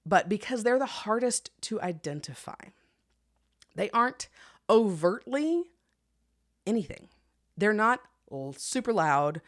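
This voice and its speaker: A woman hosting her own podcast, teaching in an animated way and laughing often, with quick bursts of speech. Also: lowish voice. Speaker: podcast host.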